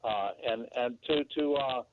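A man's voice: medium pitch, a little slow, noisy background. An older man calling into a radio show, rambling and hunting for words as he chats. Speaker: radio caller. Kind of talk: call-in chat. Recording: tinny phone line.

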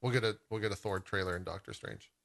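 A man's voice: sits low, lively intonation, fast, gravelly, fairly bright tone. A man hosting a podcast in loose, casual chat, full of fillers. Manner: loose and chatty, many "like" fillers. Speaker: podcast host.

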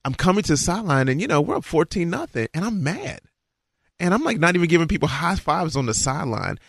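A man telling a long, animated story about his football days, acting out his own lines. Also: fast, gravelly, husky, no room sound, clean studio sound. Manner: animated, acts out dialogue with rising pitch. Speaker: guest recalling his football career. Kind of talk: casual storytelling.

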